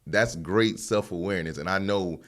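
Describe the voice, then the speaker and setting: A man hosting a podcast, hyping up his guest and giving shout-outs to his listeners in a casual interview chat. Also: sits low, normal speed. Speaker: podcast host.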